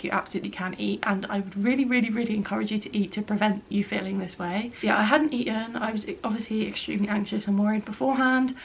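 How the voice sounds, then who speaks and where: Young woman, casual vlogger at home. Gravelly fry, chatty and loose, lots of "like" fillers. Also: mid-range voice. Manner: chatty and rambling, with frequent filler words. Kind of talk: casual spoken update. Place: at home, by a bed.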